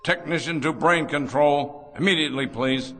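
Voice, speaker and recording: A man's voice: fairly high pitch, moderate pace, over music, natural voice. A middle-aged man playing a cold, pompous factory owner who is obsessed with efficiency and speaks condescendingly. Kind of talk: 1960s radio drama acting.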